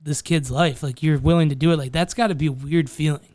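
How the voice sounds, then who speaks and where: A man's voice: a little high, fairly even intonation, fast talker, a little mellow, no echo, studio quality. A man co-hosting a podcast in laid-back casual chat, swearing freely. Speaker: podcast co-host.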